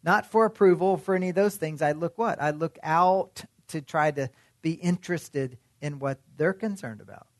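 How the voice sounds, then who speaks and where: A man's voice: fairly high pitch, normal speed, hardly any pauses, dry recording. Man preaching in a dry close sound. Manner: conversational preaching with rhetorical questions. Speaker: pastor. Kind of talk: sermon.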